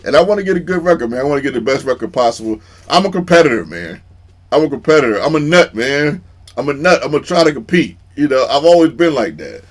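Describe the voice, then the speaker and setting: A man giving casual, chatty commentary over his own football video game match, laughing often and getting excited at big plays. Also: mid-range voice, fast talker. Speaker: gaming YouTuber.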